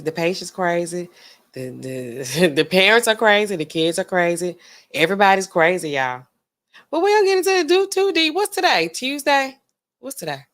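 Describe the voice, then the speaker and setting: A woman pharmacist hosting a casual livestream, chatting in a slangy, animated way, reading out viewer comments and laughing often. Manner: animated and chatty, slangy, swings between low asides and high exclaims; laughs often mid-sentence.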